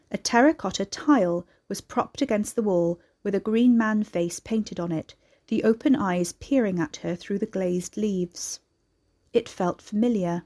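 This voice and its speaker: A woman reading a story aloud as narrator, in a steady, measured storytelling manner. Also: mid-range voice. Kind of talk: scripted narration.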